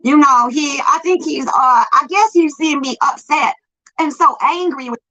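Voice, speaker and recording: A woman talking casually on a livestream, rambling and halting, with laughs between her words. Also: sits high, pushed and bright, no room sound, rough recording. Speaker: livestreamer in played clip.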